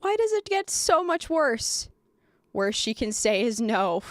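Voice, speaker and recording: A woman streamer reacting live, animated and sarcastic, laughing often and stammering through restarts. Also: a little high, unhurried, no room sound, studio quality. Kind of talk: livestream reaction commentary.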